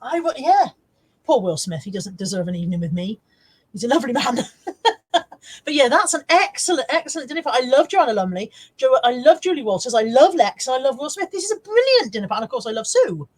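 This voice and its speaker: A woman's voice: on the high side, expressive, fast talker, breathy edge. A middle-aged woman hosting a casual live stream, chatting to viewers, laughing often and swearing freely. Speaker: live-stream host reading viewer comments.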